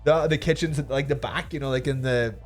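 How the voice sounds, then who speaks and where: A man's voice: medium pitch, brisk, faint music behind. A young man with a Northern Irish accent, co-hosting a talk show and telling a rambling, sweary story while laughing through it. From Northern Ireland. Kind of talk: casual storytelling chat.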